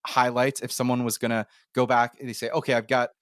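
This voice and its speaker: Canadian guy hosting a pod, chatty storyteller, mid pitch, dry close sound. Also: fast talker, clear, resonant tone, dry recording. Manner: animated, storytelling, slips into playful impressions. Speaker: podcast host. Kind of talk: casual conversational interview.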